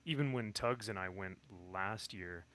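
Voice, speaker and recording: A man's voice: lowish voice, measured pace, a bit bright. A man guest on a livestream, talking in an easygoing, rambling way with chuckles. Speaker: guest streamer. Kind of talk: casual chat on a livestream.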